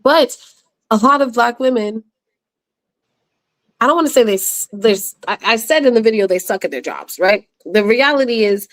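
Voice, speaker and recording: A woman guest on a casual online panel speaks bluntly and candidly, dropping quick asides and restarting now and then. Her voice is a little high and expressive.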